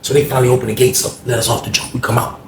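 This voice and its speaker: A man casually telling a story, animated and acting out the people he quotes in a higher voice. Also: rapid-fire, creaky. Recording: echoey room with faint noise.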